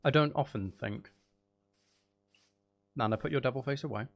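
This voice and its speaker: A man's voice: mid-range voice, moderate pace. A man streaming a video game, chatting to his viewers in a loose, rambling way. He jokes and mocks himself as he plays. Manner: playful, self-mocking, jokey. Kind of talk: casual chat while live-streaming a video game.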